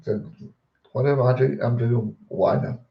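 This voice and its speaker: A young man, chatting casually on a live stream and answering viewer questions in a rambling, relaxed way. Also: mid-range voice, moderate pace, vocal fry. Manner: relaxed, rambling, repeats words when distracted. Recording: dull roomy home stream audio.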